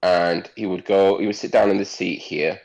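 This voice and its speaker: A man's voice: low voice, steady tone, moderate pace, a little mellow, rough recording. A man playing a tabletop game, narrating his character's actions in a rambling way. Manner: rambling, with many fillers. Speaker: player. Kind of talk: tabletop role-play narration.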